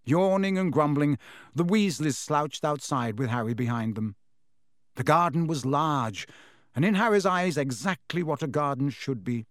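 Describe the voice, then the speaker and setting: Brief: male audiobook narrator, steady storytelling, slightly high, dry studio sound. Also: normal speed, dry recording.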